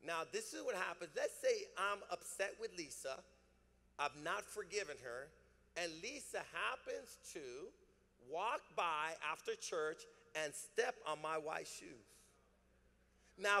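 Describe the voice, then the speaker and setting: A man preaching in a church sanctuary, his voice pitched high and ringing bright. He drives his points home with emphatic, repeated phrases and calls the congregation to answer back. Long reverb trails after his words from the large hall. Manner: emphatic preaching with call-and-response. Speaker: pastor. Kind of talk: sermon.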